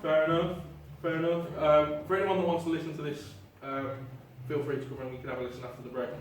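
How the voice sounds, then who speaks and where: A paranormal investigator gives a casual, chatty talk to a live audience in a hall, full of ums and self-deprecating asides. His voice is a little high and fast. It's picked up by a clip-on mic from a distance, so the recording is noisy and very echoey.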